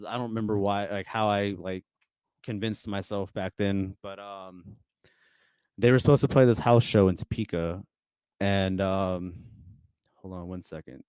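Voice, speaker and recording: A man's voice: fairly low pitch, a little mellow, smooth, no room sound. A young man telling stories as a podcast guest in a casual, rambling way, full of fillers and restarts. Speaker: guest musician.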